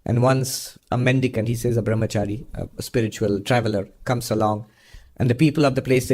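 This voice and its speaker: A monk giving a spiritual question-and-answer talk, speaking earnestly and often breaking into laughter. He explains points through long parables at a mid-range pitch for a man. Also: fairly even intonation, brisk, a little mellow. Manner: earnest storytelling with frequent laughter.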